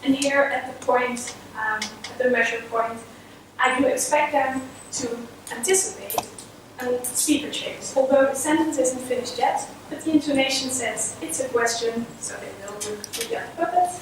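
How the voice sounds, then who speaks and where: A woman's voice: high voice, normal speed. A woman giving an academic conference presentation, hesitant, with many fillers and small apologies. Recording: echoey hall from far off with noise.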